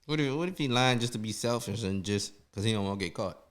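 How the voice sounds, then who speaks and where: A man in his twenties hosting a podcast, chatting casually and teasing his guest with quick questions. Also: on the low side. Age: 20s. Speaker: podcast host.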